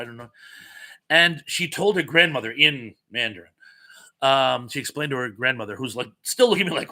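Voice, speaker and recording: A man hosting a casual live-stream chat, running trivia and telling animated, self-mocking stories. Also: mid-range voice, a little fast. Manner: animated, chatty storyteller with self-mocking asides.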